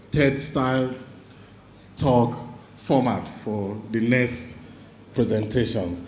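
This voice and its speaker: A man speaks slowly and formally as the master of ceremonies, his voice mellow and a little dark. The sound carries the echo of a large conference hall. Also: medium pitch, a little hiss or hum. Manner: slow, formal, with pauses. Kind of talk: formal event announcing. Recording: echoey hall.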